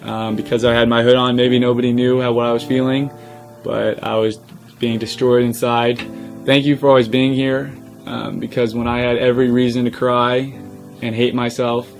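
A young man in a personal vlog to his followers, earnest and choked up, pausing often with "um". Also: medium pitch, little pitch movement, gravelly, faint music behind. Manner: earnest, emotional, many pauses and "um"s. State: choked up, near tears. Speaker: social media creator. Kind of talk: personal vlog talking to camera.

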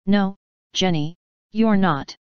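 A woman's voice: mid-range voice, takes it slowly, clean tone, no echo, highs cut off, lightly acted. A woman playing a wise, self-aware story spirit. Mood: earnest. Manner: earnest, reflective. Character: sentient female story narrative, calm and wise.

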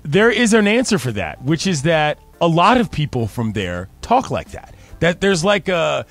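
Man, radio co-host, playful banter, very lively pitch, slightly high voice. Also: moderate pace, faint music behind. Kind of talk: casual sports radio chat.

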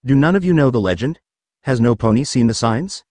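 A man's voice: mid-range voice, animated, darkish tone, no echo, clean studio sound, close to an everyday voice. A man voicing a sneering villainous alicorn mare. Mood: mocking. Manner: slow, sneering, grandly mocking. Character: haughty dark female alicorn villain, mocking.

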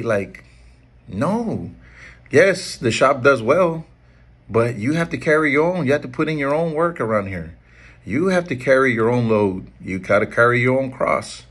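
Middle-aged barber, husky voice, earnest motivational mentor repeating his points. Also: medium pitch, expressive, normal speed, fairly bright tone. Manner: earnest, pleading, repeats key lines. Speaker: barber and shop owner. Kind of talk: motivational talk to camera.

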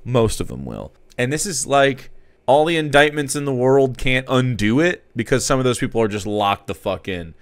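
A man's voice: mid-range voice, big pitch swings, normal speed, clean tone, no room sound. A man hosting live news commentary, reading an article aloud with sarcastic, profane asides. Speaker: streamer host.

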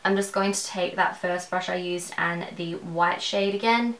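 A woman's voice: on the low side, fairly even intonation, normal speed, fairly bright tone, echoey room, rough recording. A woman with an Australian accent talking through a makeup tutorial in a rambling, conversational way, at home. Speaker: beauty vlogger.

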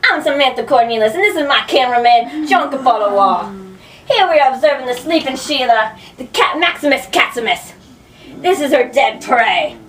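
A woman's voice: sits high, lively intonation, normal speed, a bit bright. A girl hamming up a chirpy outback wildlife presenter. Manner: mock Australian drawl with stock slang. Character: cheery young female outback wildlife show presenter. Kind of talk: homemade comedy skit. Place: bedroom at a sleepover. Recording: echoey room, distant camera mic, noisy.

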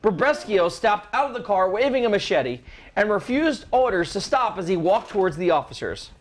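A man's voice: sits high, very animated, normal speed. A man hosting a casual podcast, swearing and laughing as he talks, reading out a news story. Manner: defensive, swearing, laughing while talking. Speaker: podcast host.

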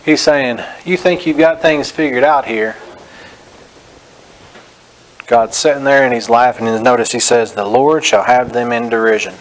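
A man preaching a Bible-teaching sermon, reading scripture slowly and stressing each phrase, then correcting common beliefs in a direct, plain way. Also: medium pitch, a little hiss or hum, poor audio. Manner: direct, corrective, frequent "notice". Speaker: pastor.

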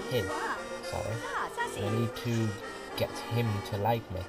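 A man's voice: lowish voice, huge pitch swings, slow, pauses often. A man giving casual, rambling commentary over gameplay, chatting away and laughing often. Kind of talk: casual let's-play commentary. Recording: quiet home mic with music behind.

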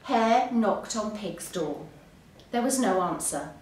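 A woman teacher reads a bedtime story, slow and lively in pitch. Her voice sounds roomy and set back from the mic. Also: distant mic, slight background noise. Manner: expressive, unhurried storytelling. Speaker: English teacher.

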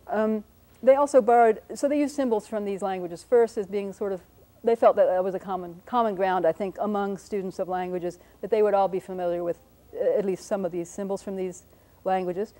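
Woman, linguist, patient radio lecture, explanatory, frequent ums, mellow warm tone. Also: mid-range voice, fairly even intonation, brisk. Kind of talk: radio lecture with whiteboard demonstration.

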